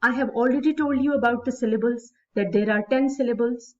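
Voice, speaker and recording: A woman teacher gives a classroom lecture, explaining each step slowly and repeating key points. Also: a little high. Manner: slow, repetitive, explaining step by step. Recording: distant, muffled classroom recording.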